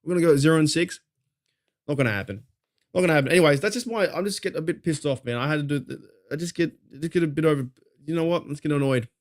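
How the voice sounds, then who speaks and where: A man's voice: on the high side, racing. A man with an Australian accent hosting a casual fan talk show, fired up and rambling, swearing freely as he vents. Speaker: podcast host.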